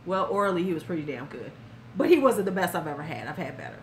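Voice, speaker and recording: A woman's voice: lowish voice, sing-song, fast talker, a little hiss or hum. A woman in her fifties hosting a live stream, telling a story in a frank, blunt way and talking to viewers by name.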